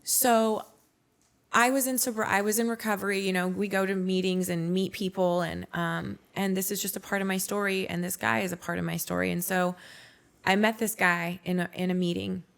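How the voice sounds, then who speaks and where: A woman's voice: mid-range voice, fairly even intonation, moderate pace, vocal fry. A woman in her forties, a podcast guest, frankly telling her life story in a blunt, candid way. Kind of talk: candid personal testimony.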